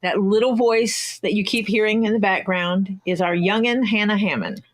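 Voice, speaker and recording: A woman from the southern United States hosting a livestream, bantering and joking in a relaxed way. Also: mid-range voice, normal speed, no echo. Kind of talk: casual chat.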